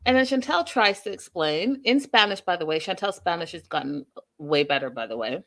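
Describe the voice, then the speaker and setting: A woman's voice: lowish voice, brisk, vocal fry. A woman hosting a casual recap and review, giving her opinions openly and speaking straight to her viewers. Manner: opinionated, animated, addresses viewers directly. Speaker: host.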